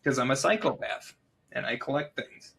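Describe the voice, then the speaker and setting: A man's voice: medium pitch, expressive, moderate pace, gravelly, fairly bright tone. A man co-hosting a podcast, talking in a blunt, profane, joking way. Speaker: podcast co-host. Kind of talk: casual chat.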